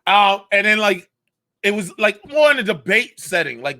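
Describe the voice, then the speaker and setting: A man co-hosting a casual comedy podcast, ranting with lots of swearing and animated emphasis. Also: high voice, normal speed, dry recording. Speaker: podcast co-host.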